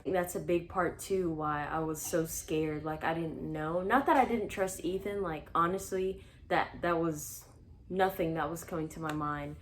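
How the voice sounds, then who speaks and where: Speaking a little slowly in a low voice, a young vlogger recounts her life in chatty fashion. Her sentences are sprinkled with "like" and small laughs, and there's slight background noise.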